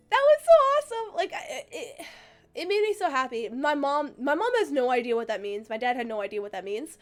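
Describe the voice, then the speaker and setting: Excitable, rambling young woman streamer. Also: high voice, brisk, soft background music. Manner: rambling, excitable, full of fillers and restarts; gets choked up and emotional. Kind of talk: casual stream chat.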